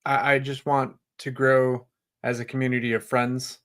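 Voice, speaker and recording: A man's voice: medium pitch, level tone, moderate pace, a bit bright. Easygoing male streamer guest. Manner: easygoing, laughs often, earnest. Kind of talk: casual interview chat.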